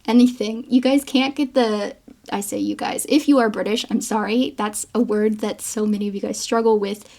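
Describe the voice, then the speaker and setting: A woman's voice: medium pitch, steady tone, moderate pace, creaky, mellow. A woman, a geographer, giving casual film commentary to camera in a chatty, playful way with frequent small laughs.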